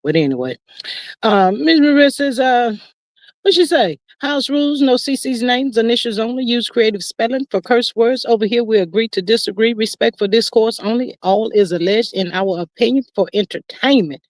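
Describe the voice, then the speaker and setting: A woman's voice: fairly high pitch, normal speed, darkish tone, dry recording, studio quality. A woman hosting a casual livestream chat, greeting viewers and talking in a chatty, playful way with lots of slang. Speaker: livestream host.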